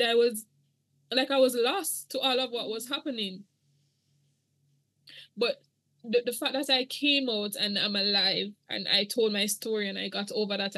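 With a fairly high, fairly bright voice and no echo in the recording, a middle-aged woman tells her personal story on a podcast. Her manner is earnest and emotional with a church tone, like testimony given in an interview.

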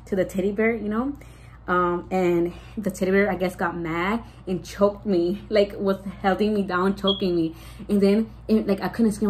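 In a rough recording, a pregnant young woman vlogger chats casually with her viewers in a storytime style. Her mid-range voice is steady and darkish, moving at a moderate pace, and she rambles with lots of "like," restarts, and Spanish words slipped in.

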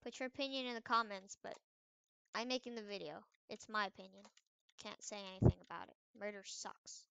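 A young woman giving casual commentary over a game she is playing, swinging between loud trash talk and quiet mumbled asides. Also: medium pitch, steady tone, fairly quick, creaky, clear, resonant tone, no echo. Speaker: gaming video creator.

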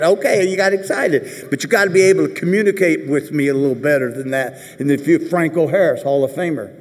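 Lively man giving a reverberant commencement speech. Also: a little high, a little fast, few pauses. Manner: animated storyteller, jokey asides, acts out quoted voices. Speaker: commencement speaker. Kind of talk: commencement speech told through rambling anecdotes. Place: large ceremony venue. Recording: long reverb of a big hall.

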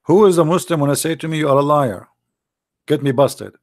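A man's voice: a little high, brisk, darkish tone, dry recording, studio quality. A man hosting a livestream who mocks and taunts his viewers in a sarcastic way, often laughing and reading their chat comments aloud. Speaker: livestream host.

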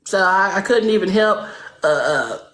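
A woman's voice: mid-range voice, expressive, measured pace, fairly bright tone. A woman with a Southern US accent trolling strangers on a video call, sassy, mock-pious and profane. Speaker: prankster in random video chats. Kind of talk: in-character trolling chat. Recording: echoey room, faint noise.

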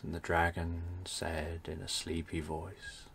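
A man narrating a bedtime story for adults, speaking in a soft, soothing way. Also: low voice, flat delivery, a little slow, vocal fry, few pauses, slightly rough.

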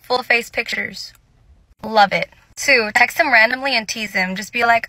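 A woman's voice: on the high side, steady tone, normal speed, bright, forceful tone, no room sound. A young woman giving casual dating advice straight to camera, sassy and direct, calling her listeners sis.

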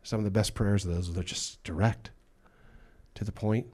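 Pastor guy preaching, deep warm voice, really emphatic. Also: steady tone, normal speed. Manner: emphatic, acts out quotes. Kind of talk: sermon. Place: church.

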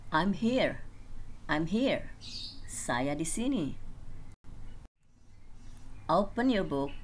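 A woman with a lowish voice reads short practice sentences as a language teacher, saying each one twice at an unhurried pace. A faint hiss sits under the recording. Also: animated. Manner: slow, deliberate repetition of each sentence. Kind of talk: reading phrase drills.

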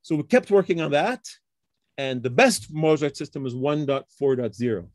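A fairly high-pitched middle-aged man tells the story of his field in a casual interview. He talks in short, chatty bursts, tags his points with "okay?", and slips into quoted voices of colleagues. The sound is dry and close, with no room echo. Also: lively intonation, moderate pace. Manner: explains with frequent tag questions like okay and huh. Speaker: computer science professor, guest.

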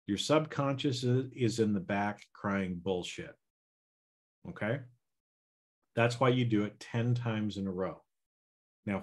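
Slow, easygoing male self-help host. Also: mid-range voice. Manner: casual, repeats "right?" and "okay?", coaching listeners. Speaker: podcast host. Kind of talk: motivational self-help talk.

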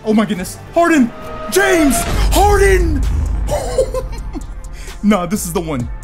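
Excitable high-voiced man calling gameplay. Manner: excitable, talks to himself and viewers, sudden shouts. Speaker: gaming YouTuber. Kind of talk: live gameplay commentary.

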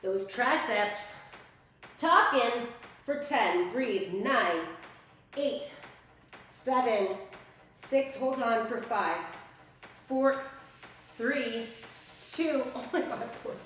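A woman's voice: on the high side, very slow, long pauses, fairly bright tone. A woman instructor leading a live workout class, upbeat and encouraging, counting reps and a little out of breath. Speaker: fitness instructor. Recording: echoey room, mic at a distance, music behind.

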